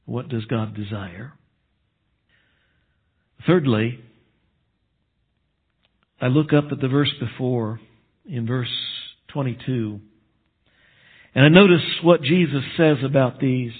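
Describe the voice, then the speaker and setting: Husky male pastor, unhurried and emphatic, lifts for stress and sinks to a hush, thin lo-fi recording. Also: animated. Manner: earnest, emphatic preaching, drops to a low hush for solemn points. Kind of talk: sermon. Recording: tinny phone-like sound.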